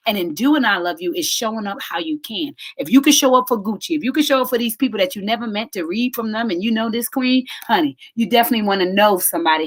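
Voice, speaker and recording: A woman's voice: mid-range voice, fairly bright tone. A woman hosting a live motivational stream, preaching emphatically, repeating words for effect and reading viewer comments aloud. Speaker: host of a live inspirational show.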